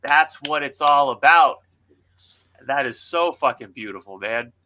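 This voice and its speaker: A man's voice: mid-range voice, expressive, measured pace, pushed and bright, a little hiss or hum. A man co-hosting a casual podcast, talking bluntly and emphatically and swearing freely. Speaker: author and podcast co-host.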